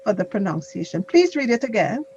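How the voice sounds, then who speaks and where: A woman teaching an English grammar class on a video call, explaining slowly and patiently with examples. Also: mid-range voice, big pitch swings, darkish tone, slight background noise. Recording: dull lo-fi online call audio.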